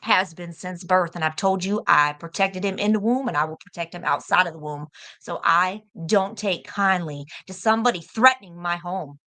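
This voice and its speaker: Angry american woman ranting on a stream, bright sharp voice, swears a lot, repeats herself to drive it home. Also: fairly low pitch, normal speed. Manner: confrontational, profane, repeats points for emphasis. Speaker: livestream guest. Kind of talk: heated livestream argument.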